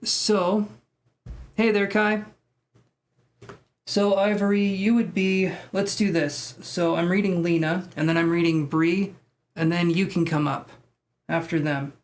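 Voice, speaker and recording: A man's voice: high-pitched, flat delivery, a little slow. A man live-streaming tarot readings, chatting with viewers in a joking, self-deprecating way. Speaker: tarot reader.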